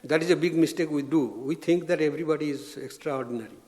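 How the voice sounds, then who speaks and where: A man, a swami, giving an informal spiritual talk, gentle and anecdotal with frequent restarts. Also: fairly high pitch, quick pace. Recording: long reverb of a lecture hall.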